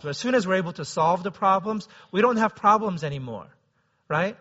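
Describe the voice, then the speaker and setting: Male pastor with a high, crisp voice and a conversational preaching manner, on a dull low-fidelity recording. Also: sharp tone. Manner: conversational, often asks the listeners "right?". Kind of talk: sermon.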